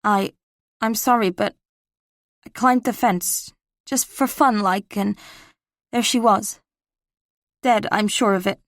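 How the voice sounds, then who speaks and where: A woman's voice: medium pitch, steady tone, takes it slowly, long pauses, dry recording, clean studio sound. A woman narrator voicing a woman posing as a nervous teenage boy on a phone call, with a Boston accent, stammering and trembling.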